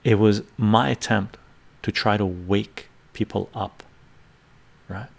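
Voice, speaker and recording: A man hosts a live stream and tells a story from his own life, stressing his points hard and calling his listeners "gang." His voice sits low and has a gravelly edge. He talks in quick bursts and keeps checking in with a "right?". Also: fairly even intonation. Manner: emphatic, addresses his audience as "gang".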